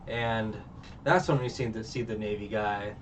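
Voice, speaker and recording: A man's voice: on the low side, steady tone, normal speed. A man casually recapping a show as a reviewer, rambling with many fillers and restarts. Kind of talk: casual chat. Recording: muffled distant mic, faint background noise.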